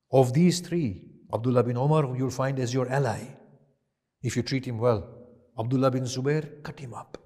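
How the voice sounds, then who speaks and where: A man preaching a Muharram sermon, retelling events with impassioned swings from loud emphasis to hushed quiet. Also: mid-range voice, a little slow. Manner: impassioned, rising to loud emphasis then dropping to hushed tones. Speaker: shaykh giving a Muharram lecture. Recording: long hall reverb.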